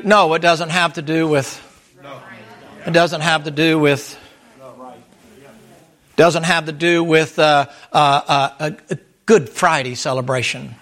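A man's voice: a little high, steady tone, slow, pauses often, fairly bright tone. Folksy chuckling preacher man. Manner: folksy, chuckling, repetitive, emphatic. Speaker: pastor. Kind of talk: sermon.

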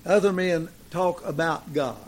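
A man preaching a sermon, swinging between emphatic declarations and relaxed, folksy storytelling with plenty of fillers. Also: fairly high pitch, measured pace.

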